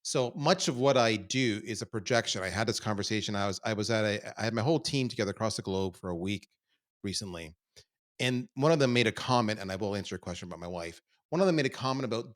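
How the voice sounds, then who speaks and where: A middle-aged Canadian man, appearing as a podcast guest, tells candid, self-deprecating stories about his life. He talks fast in a lowish voice, swinging between quiet asides and loud bursts.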